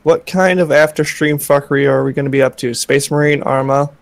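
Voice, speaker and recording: A man's voice: a little high, fairly even intonation, a little fast, gravelly. A young man co-hosting a livestream, reading chat questions aloud with wisecracks.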